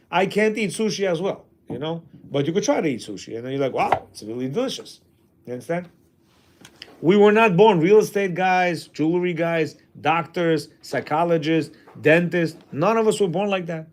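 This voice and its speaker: Animated, high-pitched male teacher. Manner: emphatic, rhetorical questions, acts out quoted voices. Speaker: rabbi teaching a men's class. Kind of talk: informal religious class talk.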